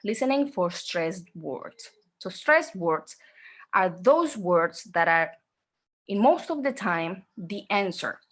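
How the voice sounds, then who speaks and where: Woman teaching a slow, repetitive exam class. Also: mid-range voice, animated. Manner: slow, repetitive, checks in with "okay?". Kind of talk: online class lecture.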